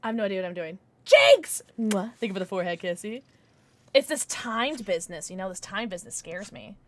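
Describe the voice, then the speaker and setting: A woman streamer chatting casually while playing chess, excitable and giggly, with squeals and hushed mutters. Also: medium pitch, a little fast.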